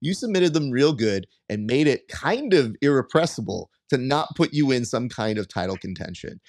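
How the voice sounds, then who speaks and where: A man hosts a podcast with a joking, playful manner, slipping into mock-formal praise as he teases his guest. His voice is dry and close to the mic, with no room sound around it, and his pitch sits in an ordinary middle range. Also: big pitch swings, moderate pace, darkish tone, no echo. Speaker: podcast host. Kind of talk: casual podcast interview.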